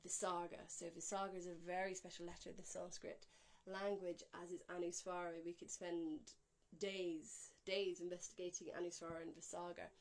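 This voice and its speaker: Calm woman teaching mantra pronunciation. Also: on the low side. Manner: calm, explanatory, slowing to a drawn-out chant on each Sanskrit word. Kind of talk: spoken pronunciation lesson with chanted examples.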